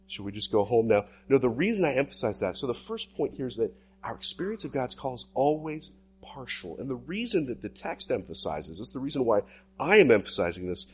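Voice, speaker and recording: Husky-voiced man preaching animatedly. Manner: animated preaching, sweeping pitch swings. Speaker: pastor. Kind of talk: sermon.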